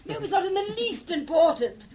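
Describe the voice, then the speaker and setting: A woman's voice: extremely high pitch, big pitch swings, normal speed, a little mellow, slight background noise. An actress playing a flustered aristocratic English lady in a 1950s radio play, fluttery and exclamatory.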